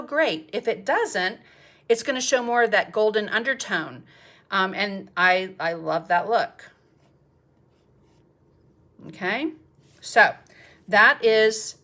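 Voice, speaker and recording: A woman's voice: medium pitch, lively intonation, a little slow, pauses often, a bit bright. A middle-aged woman, teaching a live painting demonstration in a chatty, encouraging way and thinking aloud as she paints. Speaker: art teacher.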